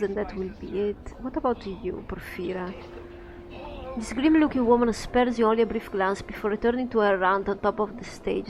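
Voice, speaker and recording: A woman playing through a game, reading its text aloud and adding chatty, giggly comments. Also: mid-range voice. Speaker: game streamer.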